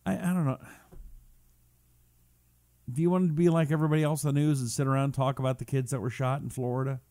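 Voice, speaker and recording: A man's voice: medium pitch, little pitch movement, fast talker, mellow, no echo. A man hosting his own live talk show in a casual, playful, joking way, greeting his listeners. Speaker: radio and podcast host.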